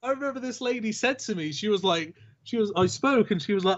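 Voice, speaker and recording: A man's voice: high-pitched, lively intonation, fast talker, dull audio. A man with a rhotic Southern English accent, chatting casually in an easygoing, rambling way, full of fillers and swearing. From southern England. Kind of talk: casual chat.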